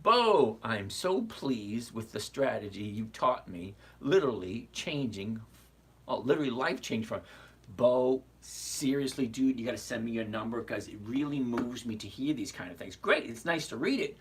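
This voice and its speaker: A man's voice: mid-range voice, animated, moderate pace, a bit bright, slightly rough. A man in his sixties hosting a casual investing livestream, chatty and greeting viewers by name as he goes. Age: 60s.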